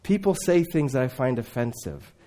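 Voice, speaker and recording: A man preaching a sermon, swinging between loud emphatic lines and hushed, low asides. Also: expressive, moderate pace.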